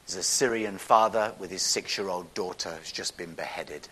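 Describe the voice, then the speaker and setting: A man's voice: low-pitched, moderate pace, a bit bright, a little hiss or hum, rough recording. A man giving a public talk with slides, speaking in a conversational, earnest way with frequent restarts.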